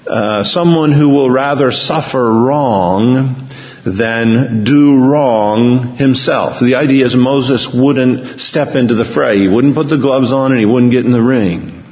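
A man preaching a sermon who acts out the figures of the story in quick voices and often chuckles. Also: medium pitch. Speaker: pastor. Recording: dull sound in a reverberant hall.

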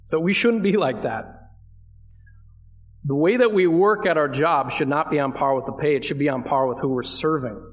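A pastor delivers a verse-by-verse sermon in a man's voice that sits on the high side at a moderate pace. He keeps it conversational, putting questions to the congregation, and leans hard on key phrases for emphasis.

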